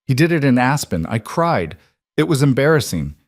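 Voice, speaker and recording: A man voicing a composed young woman who bluffs softly and calmly under pressure in a narrated story. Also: medium pitch, normal speed, no room sound, clean studio sound, pitched above the performer's own voice. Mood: poised. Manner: soft, poised, quietly playing along.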